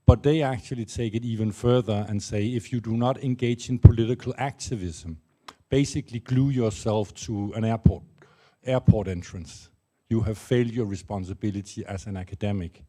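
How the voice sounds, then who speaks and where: A man in a conference audience sets up his question step by step. His voice is low and mellow, and he speaks in a measured way. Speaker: audience member asking a question.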